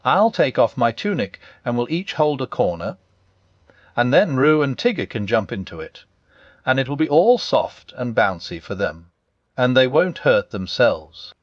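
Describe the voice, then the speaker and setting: A man's voice: medium pitch, big pitch swings, a little slow, no room sound, muffled recording. A man voicing an eager, kindly young boy who talks in an encouraging way.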